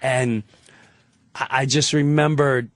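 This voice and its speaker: A man, a guest comedian, telling an animated anecdote on a talk show, swearing freely and acting out the voices. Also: mid-range voice, takes it slowly, no room sound, studio quality. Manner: excitable storyteller, swears freely, acts out voices.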